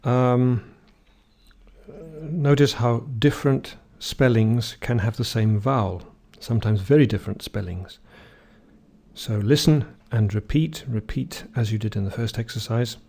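A man's voice: mid-range voice, vocal fry, mellow. A man teaching pronunciation, reading word lists. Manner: slow, deliberate, carefully enunciated words. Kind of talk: slow instructional audio for learners.

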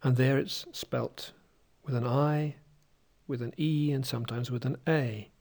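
Guy doing a slow pronunciation drill, says each word separately and carefully, fixes his slips. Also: medium pitch, steady tone, a little mellow. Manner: takes words again after a slip. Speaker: pronunciation teacher.

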